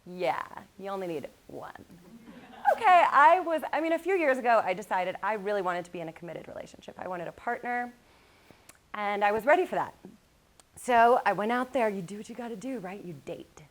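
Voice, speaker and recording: A woman gives a motivational talk to a live audience in an animated storytelling style. She laughs often and turns to speak directly to the listeners as she shares personal stories. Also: mid-range voice, brisk.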